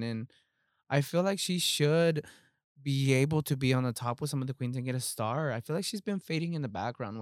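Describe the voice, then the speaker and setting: A man's voice: medium pitch, clean tone, dry recording, studio quality. A man co-hosting a casual podcast, talking in a playful, chatty way. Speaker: podcast co-host.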